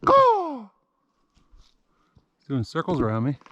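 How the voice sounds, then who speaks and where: A man narrating a casual hike vlog outdoors on a wooded trail. He talks slowly and wryly to himself and breaks into loud crow calls. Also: medium pitch, no echo. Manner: slow, wry self-talk with loud crow calls.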